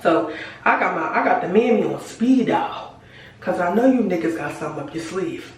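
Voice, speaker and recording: A woman telling a storytime to her viewers in a casual, animated, slangy and profane way. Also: fairly low pitch, moderate pace, recorded from a distance. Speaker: storytime vlogger. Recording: very echoey room, voice away from mic.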